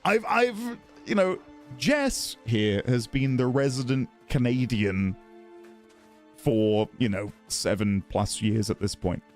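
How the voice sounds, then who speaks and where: A man's voice: medium pitch, lively intonation, slow, a little mellow, faint music behind. A man chatting casually on a live stream while playing a game, giggly and self-deprecating.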